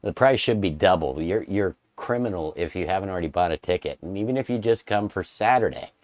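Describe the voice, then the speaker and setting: Man, very deep voice, dry close sound, co-host, playful, jokey, hyping things up. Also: expressive, brisk, darkish tone, no room sound. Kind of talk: casual interview chat.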